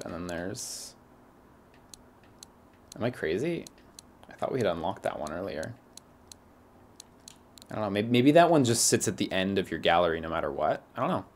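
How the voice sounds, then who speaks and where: A man's voice: low-pitched, slight background noise. A man streaming a game, musing and questioning himself in casual commentary.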